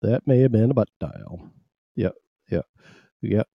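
A man's voice: fairly low pitch, animated, measured pace, gravelly, no echo, highs cut off. A man hosting a casual live talk show, rambling and joking at his own expense as he greets listeners. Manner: rambling, jokey, self-mocking. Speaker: host.

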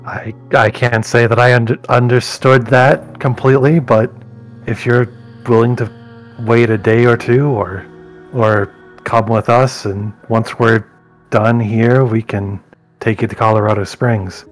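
An earnest, uncertain werewolf talks in halting restarts, as a man plays him. His voice sits mid-range, with faint music behind. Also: medium pitch, steady tone, lightly acted. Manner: hesitant, stammering restarts.

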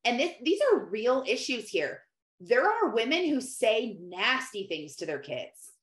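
A woman's voice: on the high side, very animated, measured pace. A woman, likely in her thirties, speaking earnestly and directly to mothers in a faith-based conversational talk. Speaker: host. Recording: echoey room.

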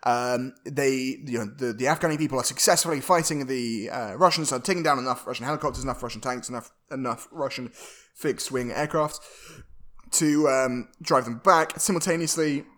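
A man's voice: mid-range voice, fairly quick, fairly bright tone. A man co-hosting a casual film podcast, recapping the plot with many fillers and restarts. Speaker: podcast co-host.

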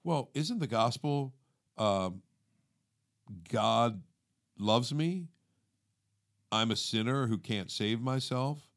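A man co-hosting a faith podcast, explaining scripture in a casual, animated way and acting out everyday inner thoughts. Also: medium pitch, slow, long pauses. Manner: animated, acts out inner monologue; calls listener "dude". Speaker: podcast co-host. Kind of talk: conversational teaching.

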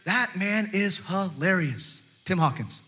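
A man's voice: high-pitched, expressive, takes it slowly, pushed and bright. A male pastor giving a chatty, humorous sermon, stumbling over restarts and acting out quotes.

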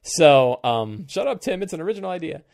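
A man's voice: fairly high pitch, big pitch swings, fairly quick, vocal fry, a little mellow. A middle-aged man hosting a live stream about game prep, talking casually and thinking aloud as he goes, often correcting himself mid-sentence. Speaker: game master and show host.

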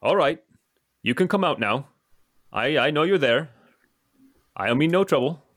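A man's voice: medium pitch, expressive, moderate pace, a bit bright, no room sound, studio quality, lightly acted. A man doing a wary, friendly old trader. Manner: a vague, shifting put-on accent. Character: fiftyish male lantern-carrying trader, wary but friendly.

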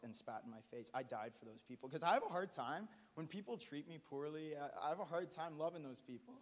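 A man giving a halting, earnest testimony at a church gathering, with many restarts. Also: mid-range voice. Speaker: church member sharing testimony. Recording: long hall reverb.

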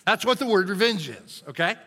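A male pastor preaching a sermon in a church sanctuary, emphatic and animated, often checking in with his listeners. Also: high voice, fairly quick. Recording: long hall reverb.

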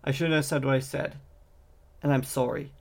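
A man's voice: medium pitch, little pitch movement, moderate pace, vocal fry, darkish tone. A man voicing an anxious, apologetic young man in a fantasy audiobook, in his plain reading voice. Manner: plain reading voice, little change from narration.

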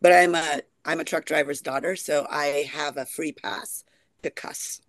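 A woman's voice: deep voice, fairly even intonation, a little slow, fairly bright tone, no room sound. An American woman guest in a casual podcast chat, playful and frank, laughing easily. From United States.

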